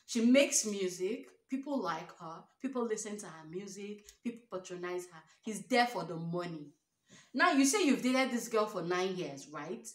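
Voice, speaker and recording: A woman's voice: medium pitch, animated, moderate pace. A young Nigerian woman vlogging relationship advice, emphatic and preachy, firing off rhetorical questions. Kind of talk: storytime advice monologue. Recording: roomy echo.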